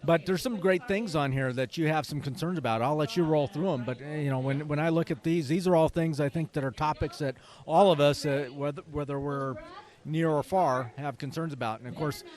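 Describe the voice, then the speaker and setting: A man's voice: a little high, a little fast, darkish tone. A man interviewing a guest at an evening gala, chatty and rambling, with folksy asides. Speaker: event interviewer. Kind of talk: casual on-site interview. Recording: busy crowd behind.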